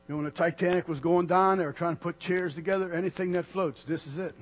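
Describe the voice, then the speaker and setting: High-voiced husky man preaching. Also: fairly even intonation, fast talker. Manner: conversational, swings from soft to loud, acts out quotes. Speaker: pastor. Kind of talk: sermon. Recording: dull lo-fi sound with mains hum.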